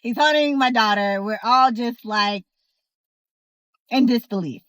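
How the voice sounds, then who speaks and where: Sassy woman spilling a story, high voice, bouncy, dry close sound. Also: unhurried, dry recording, rough recording. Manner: animated, sassy, talks to the viewer, acts out others' voices. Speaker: storyteller host. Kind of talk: casual storytime.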